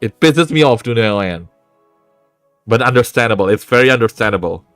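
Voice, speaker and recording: An animated male streamer talks casually, laughing and cursing freely. His voice sits at a medium pitch and is recorded dry and close on a desk mic. Faint music plays behind him. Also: fairly quick, clear, resonant tone, no room sound. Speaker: VTuber streamer.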